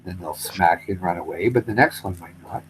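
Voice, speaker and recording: A man's voice: deep voice, a little fast, slight background noise, poor audio. Rambling, swearing male storyteller. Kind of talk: casual comic chat.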